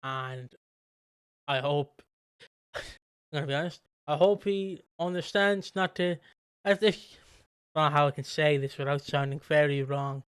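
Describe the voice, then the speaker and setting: A man co-hosting a casual podcast, rambling through his points with lots of restarts and swearing. His voice sits a bit high and sounds smooth and clear. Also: unhurried, pauses often, no echo, clean studio sound. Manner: rambling, animated, swears freely. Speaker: podcast co-host.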